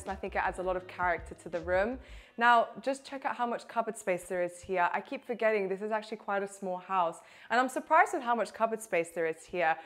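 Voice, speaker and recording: Young woman, real estate presenter, house tour walkthrough, enthusiastic, chatty, medium pitch. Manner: enthusiastic, chatty, addresses viewer directly. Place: inside a townhouse and on its rooftop terrace.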